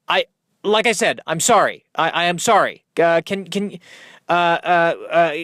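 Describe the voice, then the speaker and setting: A man's voice: a little high, unhurried, fairly bright tone, dry recording, clean studio sound. A man playing a flustered, fretful starship captain in a comedy audio sketch, stammering and apologizing as he dithers. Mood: fretting.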